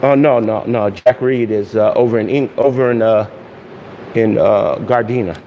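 Rambling pastor in a dull, echoey hall. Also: male voice, on the low side. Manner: rambling, warm greetings, loose pauses and fillers. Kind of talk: casual online Bible study and prayer. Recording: dull hall echo with faint hiss.

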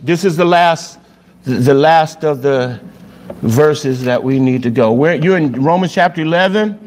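A man preaching a sermon as pastor, animated and acting out little scenes with voices and laughter. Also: on the high side, a little slow.

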